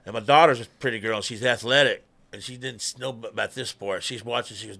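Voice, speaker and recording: A man's voice: lowish voice, quick pace, creaky, hardly any pauses, pushed and bright. A middle-aged man, telling stories in a chatty, laughing, drawling way. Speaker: guest musician. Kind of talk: casual storytelling.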